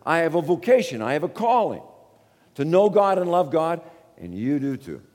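A man voicing Jesus as a calm male teacher, in plain, declaring tones, during a sermon. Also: on the high side, normal speed, big-room sound.

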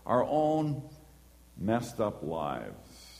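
A man's voice: lowish voice, extremely slow, creaky. Man preaching in a reverberant hall. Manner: animated storytelling, acts out voices and horn beeps. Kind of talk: sermon with personal story.

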